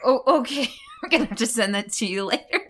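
A woman's voice: a little high, fast talker, fairly bright tone, a little hiss or hum. A woman co-hosting a podcast in casual chat, playful and laughing often. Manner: giggly, playful. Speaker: podcast co-host.

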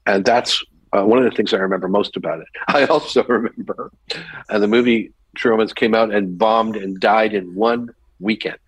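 Older man with a husky, dry voice. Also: on the low side, moderate pace, dry recording, rough recording. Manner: animated anecdote teller, mimics voices in quotes. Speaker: actor guest. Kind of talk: storytelling in a podcast interview.

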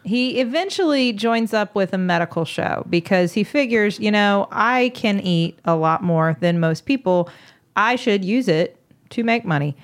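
A woman's voice: mid-range voice, lively intonation, a little slow. Brief: woman podcast host, casual storyteller, giggles often, chatty and amused.

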